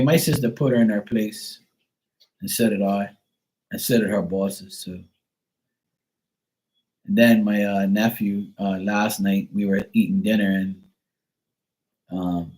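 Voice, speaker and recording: A man's voice: lowish voice, mellow, rough recording. A middle-aged man hosting a livestream, telling a rambling story full of blunt profanity in casual chat. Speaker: livestream host.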